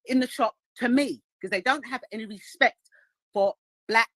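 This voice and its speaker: A woman's voice: on the high side, normal speed, fairly bright tone, no echo, rough recording. Indignant woman calling in to a live stream. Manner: indignant, acts out the voices of others in her story. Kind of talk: animated storytelling.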